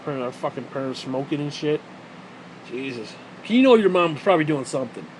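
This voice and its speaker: A man's voice: on the high side, lively intonation, a little fast, slight background noise, poor audio. Profane, sarcastic man ranting. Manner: profane, sarcastic, rambling rant. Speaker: vlogger. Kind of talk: rambling monologue.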